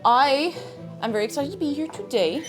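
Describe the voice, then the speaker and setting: A young Irish woman streaming from home, her voice high and bouncing all over the place. She chats in a bubbly, casual way with viewers, thanking them and joking around. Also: lively intonation, fairly quick, music in the background. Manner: bubbly, chatty, reads out viewer messages. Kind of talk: casual livestream chat.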